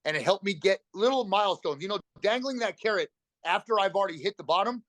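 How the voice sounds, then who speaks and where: A middle-aged man telling a raw personal recovery story as a podcast guest, talking fast and bluntly with emotion and free swearing. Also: high voice, expressive, a bit bright, no room sound.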